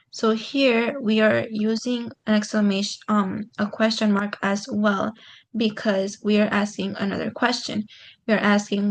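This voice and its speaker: A woman's voice: medium pitch, flat delivery, a little slow. A woman teaching a grammar lesson online, explaining step by step in a patient way with frequent "um"s.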